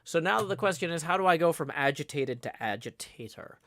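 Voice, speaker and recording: A man's voice: a little high, lively intonation, fairly quick, a bit bright, dry recording. A man hosting a casual livestream, talking in a rambling, irritated way with many restarts. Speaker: livestream host.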